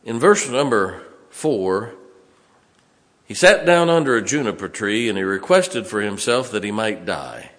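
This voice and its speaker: A man preaching a sermon, dropping to quiet low asides and then rising to loud, emphatic exhortation. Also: animated, a little slow. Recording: long reverb of a large hall.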